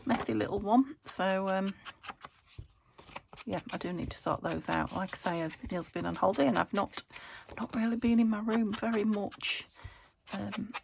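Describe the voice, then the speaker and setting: A woman's voice: mid-range voice, fairly even intonation, normal speed, gravelly, slight background noise. A British woman hosting a crafting vlog from her home craft room, chatting as she works, thinking aloud and laughing often. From United Kingdom. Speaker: crafting channel host.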